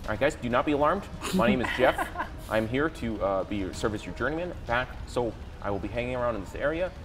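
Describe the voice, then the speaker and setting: A man's voice: mid-range voice, very animated, fast, fairly bright tone, faint music behind. A man voicing Jeff, a goofy, nervous human wizard who keeps laughing. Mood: reassuring. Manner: upbeat, giggly, nervous.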